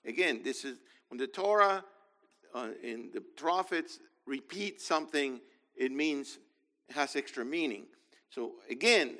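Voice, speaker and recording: A man's voice: mid-range voice, pushed and bright, long reverb tail. A man teaching a sermon, emphatic, often repeating points and asking the listeners "okay?".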